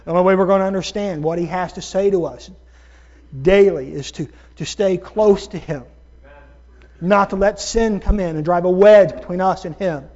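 A man with a high, light voice preaches with emphatic, drawn-out stresses, addressing his congregation as folks. The recording sounds dull and lo-fi. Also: darkish tone. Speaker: pastor. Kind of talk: sermon.

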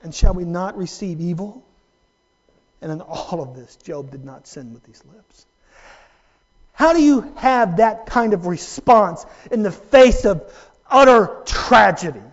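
A man preaching a sermon as pastor, dramatic, moving from hushed, low-volume lines to loud, raised emphasis. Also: sing-song, unhurried, muffled recording. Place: church sanctuary.

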